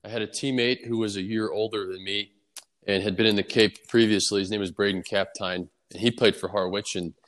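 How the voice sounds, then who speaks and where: A young man, a baseball player, answering interview questions in a relaxed, easygoing way with lots of fillers. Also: lowish voice, a little fast. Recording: long reverb on the voice.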